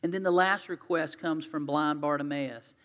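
Male pastor, slightly high and bright, chatty storytelling sermon that swings loud to quiet; long hall echo. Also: fairly even intonation, normal speed.

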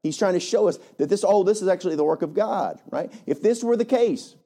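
A male pastor preaching a lively, conversational sermon, often checking in with "right?". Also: high-pitched, a little fast. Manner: animated, conversational, frequent "right?".

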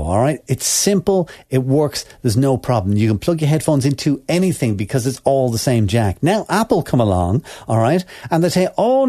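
Man ranting with a lively, animated pitch. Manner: exasperated, sarcastic, keeps adding "all right?". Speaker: co-host. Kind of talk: ranting opinion chat.

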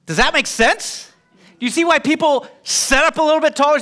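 Bright, high-voiced man teaching scripture. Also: a little fast. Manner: emphatic, asks the group questions. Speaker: Bible teacher. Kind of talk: teaching Bible study.

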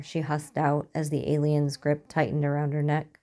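Low-voiced woman reading a story. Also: monotone, normal speed, dark tone. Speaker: narrator. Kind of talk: storytelling narration.

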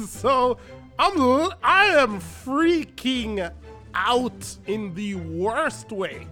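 Male podcast host, high bright voice, animated self-mocking storyteller, faint music underneath. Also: drawn-out words. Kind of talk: personal storytelling monologue. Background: faint background music.

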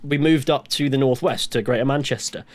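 A young man whose accent blends the English West Country with the northwest. He talks in loose, rambling runs full of restarts and casual swearing, like a podcast co-host. His voice sits at a middling pitch. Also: brisk, no echo. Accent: mix of West Country and northwest English. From West Country, England.

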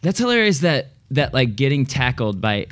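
Male host, bantering comic chat, lively pitch, faint music bed. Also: normal speed. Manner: joking, crude banter. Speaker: podcast host. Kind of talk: casual chat.

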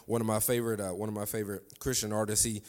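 A man's voice: fairly low pitch, little pitch movement, rapid-fire, a little mellow. A man preaching a sermon, repeating his lines for emphasis and calling on the congregation to answer back. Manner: fervent call-and-response preaching, repeats phrases.

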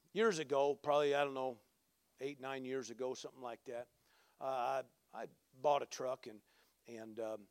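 A man preaching a sermon, telling a personal story with lively rambling and loud exclamations. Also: mid-range voice, dry recording. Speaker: pastor.

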